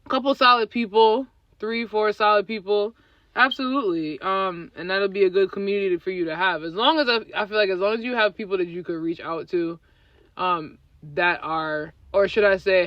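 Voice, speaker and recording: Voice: mid-range voice, fairly even intonation, normal speed, dry recording, dull audio. A podcast co-host in casual chat who talks emphatically, teases, and hums agreement often.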